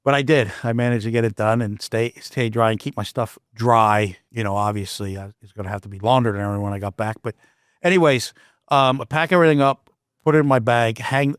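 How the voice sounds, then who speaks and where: A man's voice: fairly low pitch, clear, resonant tone, no room sound. Man telling a story in a dry, close sound. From Canada. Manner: animated, with frequent restarts and asides. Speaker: podcast host. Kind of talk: casual storytelling.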